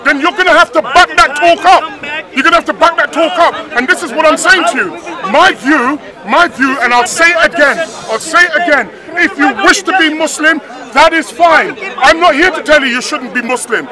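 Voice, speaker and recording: A man, speaking as a public speaker in a heated open-air street debate. He lectures, repeating phrases for emphasis, and shouts insults when the argument flares. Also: extremely high pitch, normal speed, rough recording. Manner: raises his voice and trades insults in heated arguments. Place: outdoors in a busy park, London. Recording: outdoor crowd chatter in a park.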